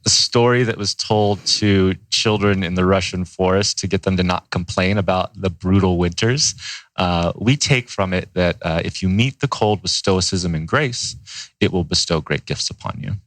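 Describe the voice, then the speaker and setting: Deep-voiced man telling a fairy tale. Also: normal speed, fairly bright tone, no room sound, low-quality recording. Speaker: ice bath company co-founder. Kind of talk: storytelling in a podcast interview.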